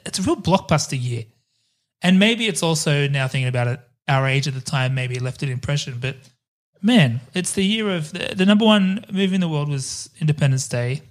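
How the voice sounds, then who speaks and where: A man's voice: a little high, expressive, brisk. A man co-hosting a casual film-review chat, rambling through lists and laughing easily. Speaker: podcast co-host.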